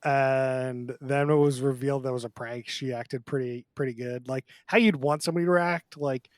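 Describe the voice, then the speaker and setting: A man's voice: medium pitch, fairly even intonation, normal speed, no echo, clean studio sound. A man co-hosting a casual podcast chat, talking loosely and acting out quotes in put-on voices. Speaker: podcast co-host.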